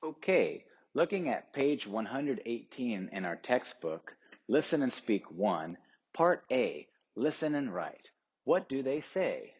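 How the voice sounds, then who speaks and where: Male English teacher walking students through exercises, husky voice, slow pace, dull lo-fi recording. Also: mid-range voice, very animated. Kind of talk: classroom instruction.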